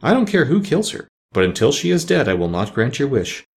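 A man's voice: medium pitch, big pitch swings, brisk, gravelly, a little mellow, voice pushed up. A man voicing an aloof, lovely fairy lady.

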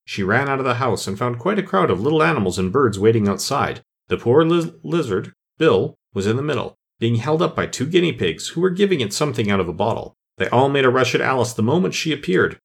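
A man narrating a children's story in an expressive storytelling manner. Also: mid-range voice, gravelly, husky. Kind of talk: audiobook narration.

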